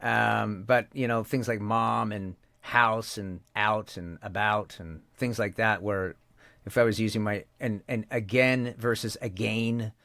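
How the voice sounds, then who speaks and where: A man's voice: lowish voice, steady tone, a little slow, creaky, pushed and bright, no echo. A man with a Canadian accent, a voice actor chatting casually as an interview guest, rambling with many restarts.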